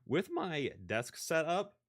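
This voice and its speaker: A man's voice: on the high side, wildly swooping pitch, slow. A young man streaming from his home desk into a desk microphone. He talks in a rambling, casual way, full of fillers and restarts. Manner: rambling, filler-heavy, self-correcting. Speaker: livestreamer. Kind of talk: casual live-stream chat.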